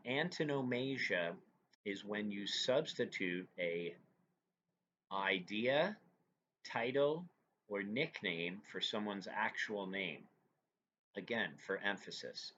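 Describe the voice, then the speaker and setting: Lower-pitched male teacher, lo-fi lecture. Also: pushed and bright. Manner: explains step by step with frequent "right?" checks. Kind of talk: recorded classroom lecture. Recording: dull lo-fi recording with faint noise.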